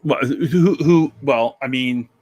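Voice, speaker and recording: A man co-hosting a podcast, telling stories in casual chat with many halting restarts. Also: mid-range voice, no room sound. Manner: storytelling, halting restarts, animated when amused. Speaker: podcast co-host.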